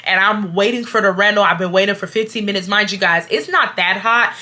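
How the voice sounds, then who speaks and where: A bright-toned woman in her twenties, from Houston, spins a storytime for her viewers. She is chatty, animated and freely profane, and keeps talking to them directly as y'all. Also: medium pitch, brisk. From Houston, Texas. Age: 20s. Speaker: vlogger telling a story. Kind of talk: casual storytime.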